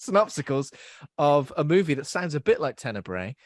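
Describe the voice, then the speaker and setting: Rambling, giggly man with a fairly high voice. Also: big pitch swings, a little fast, no room sound, studio quality. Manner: self-deprecating, rambling, giggly. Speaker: podcast host. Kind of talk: casual podcast chat.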